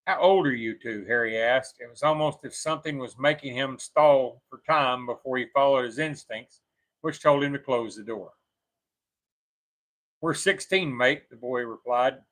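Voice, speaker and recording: A man with a bright, forceful voice reads a creepy story aloud for his co-host. He keeps a steady storytelling pace and stops to fix his own slips as he goes. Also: mid-range voice, rough recording. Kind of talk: reading a scary story aloud on a talk show.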